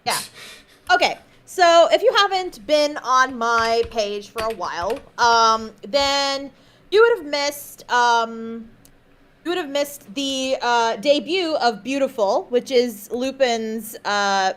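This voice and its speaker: A woman co-hosting a casual livestream, chatting warmly and laughing often between sentences. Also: on the high side, animated, slow. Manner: reassuring, fond teasing. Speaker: stream co-host.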